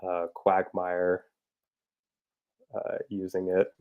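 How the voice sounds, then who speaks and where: A man's voice: sits low, monotone, drawn-out words, clear, resonant tone, phone-quality sound. A man chatting casually about his parody episode ideas, loose and rambling with lots of fillers, chuckling at his own jokes. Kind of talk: casual rambling talk to camera.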